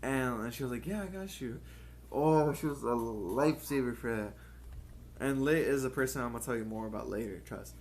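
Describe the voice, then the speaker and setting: A man's voice: medium pitch, brisk, a little mellow, a little hiss or hum. Young man telling a rambling story. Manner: rambling, profane, acts out others' lines. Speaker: podcast co-host. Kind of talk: casual storytelling chat.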